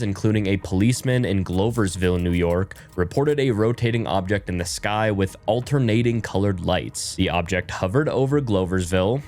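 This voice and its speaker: Low-voiced male channel narrator. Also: darkish tone. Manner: conversational, addresses viewers directly. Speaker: YouTube narrator. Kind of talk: scripted narration.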